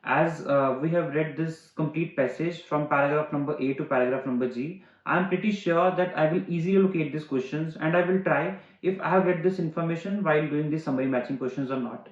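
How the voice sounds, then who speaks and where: A man tutors students through reading questions, working through each answer step by step and glossing words in plainer terms. His voice sits fairly high, with frequent "uh" fillers. The recording is roomy and a little dull. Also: brisk, hardly any pauses. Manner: explains step by step, restating words in simpler terms. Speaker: IELTS teacher. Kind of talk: online exam-prep lesson.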